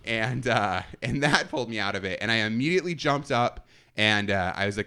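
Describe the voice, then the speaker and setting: A man's voice: lowish voice, expressive, fairly quick, bright, forceful tone, clear, resonant tone. A man telling a self-mocking story from his college days in a casual chat, laughing often. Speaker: podcast storyteller.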